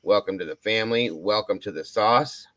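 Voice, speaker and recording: A man's voice: on the low side, normal speed, very noisy. An older man hosting a casual live stream at home, effusively thanking viewers one by one. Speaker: livestream host.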